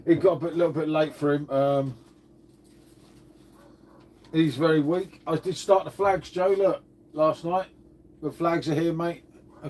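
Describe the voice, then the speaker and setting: A man's voice: a little high, darkish tone. A man from England hosting a casual live stream from home, rambling and calling viewers "mate". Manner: rambling, repeats "mate" and "shall we say". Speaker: livestream host. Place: at home indoors.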